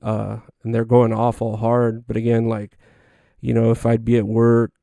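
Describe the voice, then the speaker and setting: A man's voice: medium pitch, monotone, normal speed, creaky, warm tone, dry recording. A young man hosting a podcast on his own, telling stories in a loose, profane way with lots of fillers. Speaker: podcast host. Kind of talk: casual solo podcast monologue.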